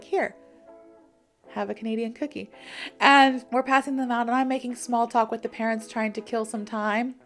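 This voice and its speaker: A young American woman from Florida, an English teacher telling a casual story to teach an idiom, animated and laughing often as she acts out the people in it. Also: on the high side. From Florida, USA.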